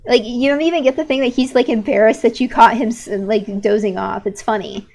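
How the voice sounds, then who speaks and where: A woman's voice: fairly high pitch, fairly even intonation, brisk, a little mellow. A young woman in her late teens chatting casually while drawing on an art stream, rambling and opinionated, with lots of "like" fillers and restarts.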